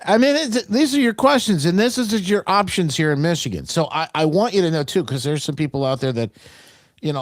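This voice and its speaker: A man's voice: a little high, no room sound, studio quality. A male talk show host giving opinionated political commentary in a mocking way, full of restarts. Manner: mocking, animated, trailing restarts.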